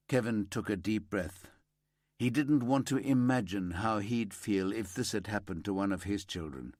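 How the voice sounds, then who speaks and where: A man reading a crime novel aloud in a measured, somber narration. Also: lowish voice, a little mellow, dry recording, studio quality. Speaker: audiobook narrator. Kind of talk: scripted narration.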